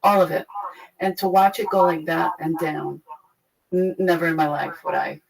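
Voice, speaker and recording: A young adult woman frankly retelling a painful personal story, profane and animated. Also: low voice, normal speed, vocal fry, crowd noise, low-quality recording. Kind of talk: candid conversational storytelling.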